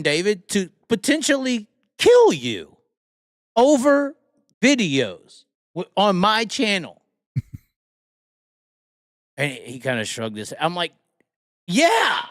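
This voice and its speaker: A man hosting a live stream, talking racing in a profane, animated, laughing casual chat. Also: a little high, no room sound, clean studio sound. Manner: animated, swears constantly, laughs often. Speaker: podcast host.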